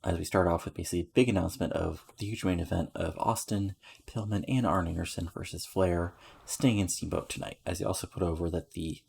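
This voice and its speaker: Low, gravelly man narrating casually. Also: steady tone, brisk, darkish tone, a little hiss or hum. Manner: rambling, filler-heavy, lists match ratings. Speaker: game streamer narrating a wrestling booking sim. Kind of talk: casual let's-play narration.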